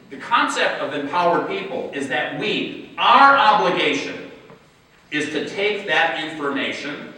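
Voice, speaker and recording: A man delivers a conference keynote with a bright, slightly high voice, rhetorical and emphatic, slowing down to stress key words. He sounds far from the mic in a large, echoey hall, with a faint audience murmur behind him. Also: lively intonation, slight background noise. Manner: rhetorical, keeps asking "right?" to the audience. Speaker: public health official giving a keynote.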